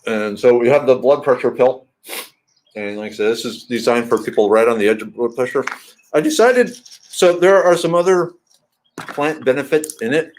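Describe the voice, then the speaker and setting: A man's voice: mid-range voice, normal speed. A middle-aged man chatting casually in a home vlog, rambling and throwing in playful sing-song asides. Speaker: vlogger.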